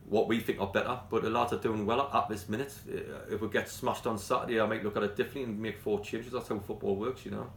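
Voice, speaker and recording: Blunt, passionate Geordie football manager. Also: male voice, on the low side, reverberant, a little hiss or hum. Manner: blunt, passionate, rambling with restarts. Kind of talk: post-training interview.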